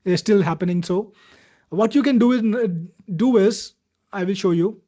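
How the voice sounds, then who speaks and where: Male webinar host, high voice, pushy upbeat demo patter, slightly muffled audio. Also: moderate pace, dark tone. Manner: upbeat, salesy, addresses viewers by name. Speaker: webinar host demoing software. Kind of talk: live product demo answering viewer questions.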